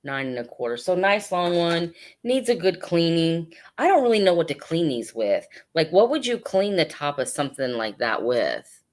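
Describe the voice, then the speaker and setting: Host: woman, low-pitched, chatty live seller who laughs a lot and talks straight to viewers. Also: very animated, moderate pace. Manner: chatty, laughs often, addresses viewers directly. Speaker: live-stream seller of hat pins and jewelry. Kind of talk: casual live sale chat with viewers.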